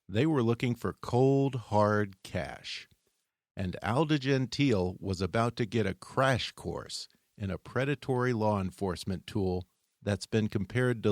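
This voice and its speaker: A man hosting, reading scripted narration in a measured, dramatic way. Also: fairly low pitch, dry recording, clean studio sound. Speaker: host.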